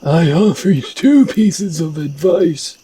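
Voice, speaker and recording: A man voicing an old male shaman teacher who gives solemn, drawn-out warnings in a raised voice. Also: a little high, mellow, slightly rough, voice pushed up, exaggerated voice.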